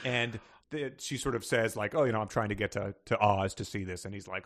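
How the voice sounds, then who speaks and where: A man's voice: fairly low pitch, fairly quick, fairly bright tone. Male co-host, casual reader, wry and amused, often laughing. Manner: laughs often, with wry asides and many fillers. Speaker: podcast co-host. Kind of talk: casual chat, reading aloud from a book.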